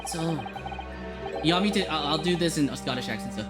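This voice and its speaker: A streamer thinking aloud during a live game playthrough, talking in quick, stop-start bursts. The voice sits at a middling pitch. Game music runs clearly in the background. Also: animated. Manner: chatty, laughs, trails off and restarts.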